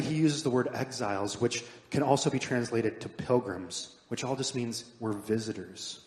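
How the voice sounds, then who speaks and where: A man preaching a sermon as pastor, earnest and conversational, rising to stress points and dropping soft at the ends of lines. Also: mid-range voice. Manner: earnest, builds up then drops to soft emphatic endings. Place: church sanctuary. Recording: echoey hall with long reverb.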